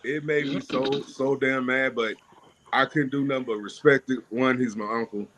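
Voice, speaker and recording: A man talking as a podcast guest, telling his business story in an animated way and often laughing. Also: medium pitch, moderate pace, a little hiss or hum. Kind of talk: casual storytelling.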